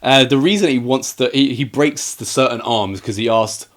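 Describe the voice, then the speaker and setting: A man co-hosting a casual film review, retelling scenes in an animated way and acting out the quoted lines. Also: medium pitch, moderate pace. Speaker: podcast co-host reviewing films.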